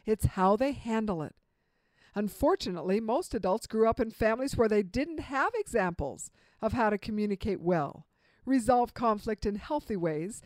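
A woman giving a spoken lecture on marriage advice, with an emphatic, expressive delivery and dramatic pauses. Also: a little high, dry recording. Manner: acts out example dialogue in vivid voices. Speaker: marriage relationship speaker.

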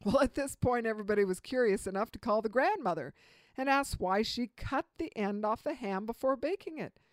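Woman, middle-aged, instructional talk, emphatic, slightly high voice, dead dry sound. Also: expressive, dry recording. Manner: earnest and emphatic, slowing down on key points. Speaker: communication speaker.

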